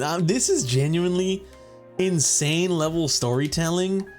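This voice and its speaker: A young man, host of a gaming channel, rambling through a casual story over gameplay, swearing often and saying "bro" and "you know.". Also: a little high.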